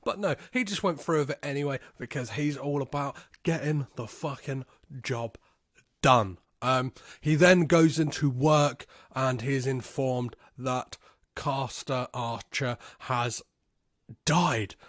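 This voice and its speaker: A man hosting a podcast, recapping a movie casually, swearing freely and gleefully, and slipping into quick impressions of the characters. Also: medium pitch, a bit bright, no echo, clean studio sound. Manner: profane and gleeful, swears constantly. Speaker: podcast host.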